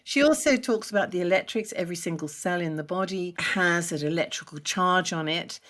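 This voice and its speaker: A woman's voice: on the low side, fairly quick, a bit bright. A woman who teaches energy medicine, a guest on a podcast, explaining her practice in a chatty, enthusiastic way and laughing often. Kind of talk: explanatory interview talk.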